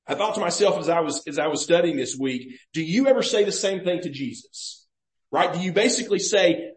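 Male pastor, sermon, conversational and questioning, fairly high voice, roomy church echo. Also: animated, a little fast. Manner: conversational preaching, explains and questions the listeners. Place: church sanctuary.

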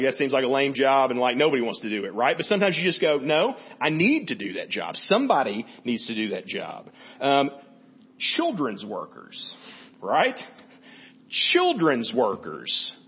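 A man's voice: on the high side, husky, dull audio. A man preaching a sermon as pastor, talking to the congregation in a conversational way and often checking in with "right?". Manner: conversational, frequent "right?" asides.

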